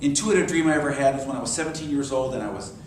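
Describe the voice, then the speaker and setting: A man leading a sermon-style class in a church, telling stories with lively quoted voices. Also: medium pitch, racing, a little hiss or hum. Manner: animated storyteller, acts out quoted voices. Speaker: minister. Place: church hall. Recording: echoey hall from far off.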